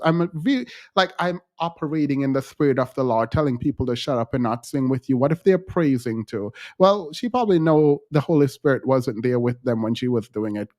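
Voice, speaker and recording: A man's voice: mid-range voice, darkish tone, dry recording, studio quality. A man hosting casual online commentary, ranting in an exasperated, annoyed way. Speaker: commentary host.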